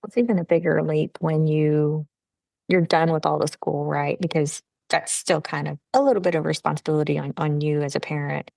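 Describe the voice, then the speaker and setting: A woman's voice: deep voice, steady tone, brisk, gravelly, dark tone, no echo. A middle-aged woman co-hosting a podcast, speaking in a thoughtful, supportive way. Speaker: podcast co-host. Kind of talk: casual chat.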